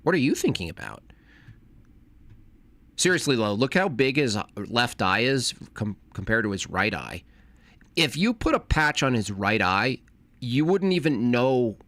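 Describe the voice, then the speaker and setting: A man streaming casually, reacting to a video with sarcastic, mocking commentary that swings between loud jabs and mumbled asides. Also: medium pitch, very animated, measured pace, dry recording.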